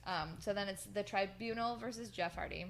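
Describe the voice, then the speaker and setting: A woman's voice: medium pitch, normal speed, fairly bright tone. A woman co-hosting a podcast, casually recapping wrestling in a rambling way with lots of fillers and laughter. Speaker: podcast co-host.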